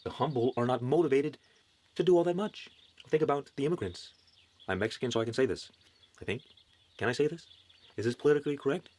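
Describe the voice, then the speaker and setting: A man's voice: medium pitch, animated, fast, pauses often, a little mellow. A man giving a motivational spiritual talk, preachy and earnest, with wry asides.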